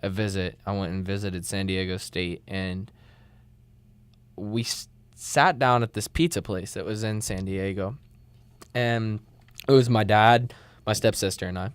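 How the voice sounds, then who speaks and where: A man's voice: fairly low pitch, a little slow, clear, resonant tone, no room sound. A young man in his late teens, a podcast guest, talking in a laid-back, slangy way. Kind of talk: casual podcast chat.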